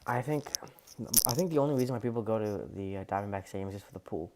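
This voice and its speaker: A man's voice: lowish voice, fast, a crowd in the background. A man co-hosting a casual podcast who gives laid-back, teasing replies. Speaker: podcast co-host. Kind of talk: casual chat.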